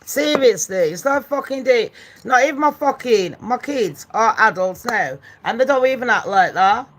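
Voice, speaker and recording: A woman's voice: a little high, lively intonation, normal speed, fairly bright tone. Foul-mouthed woman ranting at chat. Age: 40s. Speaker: livestream host. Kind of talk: live-stream rant and true-crime chat.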